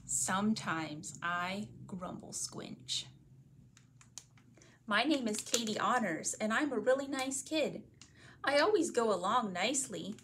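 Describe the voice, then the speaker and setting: A woman from a library reading a picture book aloud as a bedtime story, in a gentle read-aloud manner. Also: on the high side, animated, normal speed, noisy background.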